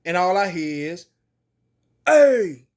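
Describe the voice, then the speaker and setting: A man's voice: on the high side, moderate pace. A man telling a personal story in casual, slangy, colloquial speech.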